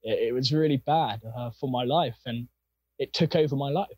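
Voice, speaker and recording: A young man with a husky voice, telling his personal faith story in an earnest, rambling way with plenty of fillers. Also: mid-range voice, normal speed, a little mellow, dry recording. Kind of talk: casual personal testimony.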